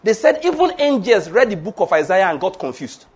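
A male preacher with a fairly high, husky voice. He delivers a lively sermon, chuckles as he goes, and slips into little acted voices for the people he quotes. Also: fairly quick. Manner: lively, laughs often, acts out quoted voices.

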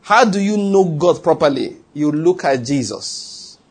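Guy preaching a sermon, pretty high voice, hammers his points with repeats. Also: animated, a little slow, breathy edge. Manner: teaching, reads scripture aloud with emphatic repetition.

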